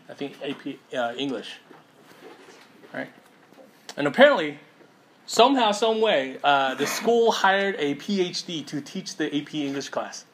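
A man preaching a sermon in a relaxed, conversational way, often checking in with his listeners and using many fillers. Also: mid-range voice, a little hiss or hum. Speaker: pastor.

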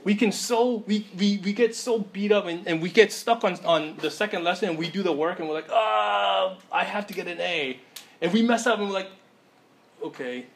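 A man's voice: sits high, fairly quick, hardly any pauses. Chatty man preaching with constant "okay?". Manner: conversational, many fillers and "okay?" check-ins. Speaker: pastor. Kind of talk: sermon.

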